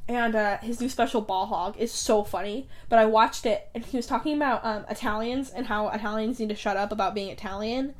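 A young woman chats on her own podcast, talking from her bedroom. She rambles, piles on fillers, giggles and corrects herself as she goes. Her voice sits a little higher than most women's. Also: fairly quick, few pauses. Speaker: podcast host. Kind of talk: casual solo podcast chat.

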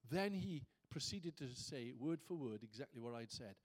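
A man's voice: mid-range voice, expressive, normal speed. A man preaching a sermon as pastor, conversational at times and rising to fervent emphasis.

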